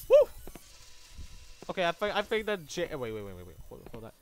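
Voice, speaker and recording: A man doing let's play commentary from a room at home, excitable and prone to yelps and shrieks when scared. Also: fairly high pitch, rapid-fire. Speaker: gaming YouTuber. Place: home room with a fan running.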